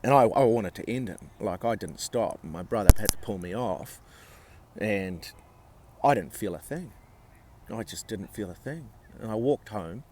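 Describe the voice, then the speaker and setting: A man vlogging, telling a personal story in a blunt, sweary way with halting restarts. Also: lowish voice, animated, noisy background.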